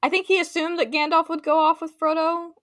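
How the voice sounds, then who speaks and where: A woman's voice: extremely high pitch, level tone, brisk, a bit bright, no room sound, studio quality. A woman co-hosting a casual book discussion podcast, chatty with many fillers and playful quoted voices. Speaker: podcast co-host.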